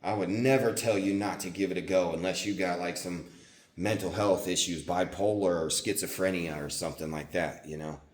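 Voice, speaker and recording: A young man talks casually and profanely, rambling through a personal confession and dropping "dude" into almost every line. His voice sits on the low side. The sound is roomy, with the echo of a gym. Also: moderate pace. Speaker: fitness vlogger. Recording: echoey gym room.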